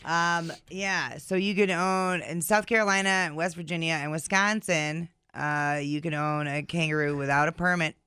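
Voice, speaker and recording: A man's voice: a little high, fairly even intonation, normal speed, hardly any pauses, bright, forceful tone, clean tone, no room sound, clean studio sound. A man co-hosting a radio morning show, teasing his partner and laughing easily. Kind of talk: casual radio banter.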